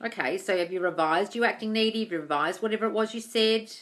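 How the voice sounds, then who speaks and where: Female live-stream host: bright, forceful tone, blunt and sweary, reads chat aloud, calls viewers darling. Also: mid-range voice, fast. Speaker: manifestation coach answering live chat questions.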